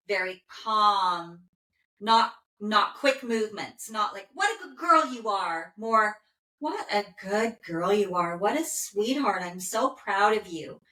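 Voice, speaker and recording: Bright-voiced woman in a roomy echo. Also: medium pitch. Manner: calm, soothing, with frequent "okay" pauses. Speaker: animal communicator. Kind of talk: relaying a dog's messages in first person.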